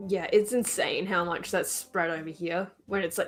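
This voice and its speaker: A woman's voice: lowish voice, steady tone, normal speed, faint music behind. A woman on a late-night casual chat, chiming in with brief, weary agreement.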